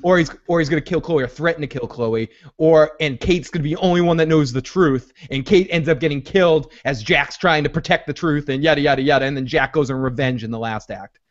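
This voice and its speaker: Excitable man rambling through a TV recap. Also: on the high side, a little fast, few pauses. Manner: rambling, excitable, acts out scenes in voices. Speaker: podcast host. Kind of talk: casual TV recap chat. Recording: dull lo-fi audio.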